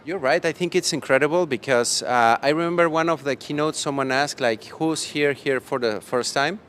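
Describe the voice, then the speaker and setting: In a casual live stream from a post-event conference hall, a man rambles playfully and laughs frequently, sounding a bit worn out. He speaks at a moderate pace in a fairly high, fairly bright voice, and there's a little hiss or hum.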